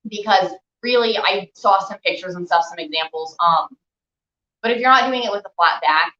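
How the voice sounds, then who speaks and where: A woman's voice: mid-range voice, normal speed, pushed and bright, a little hiss or hum. A young woman teaching a stretching class, chatty and encouraging, a little out of breath as she holds the stretches. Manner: chatty, encouraging, filler-heavy. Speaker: stretching instructor. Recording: echoey room, dull lo-fi sound.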